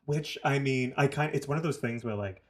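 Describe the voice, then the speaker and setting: A man's voice: medium pitch, fairly quick. A man co-hosting a podcast, chatting casually with wry, dry asides. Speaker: podcast co-host. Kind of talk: casual chat about reality TV.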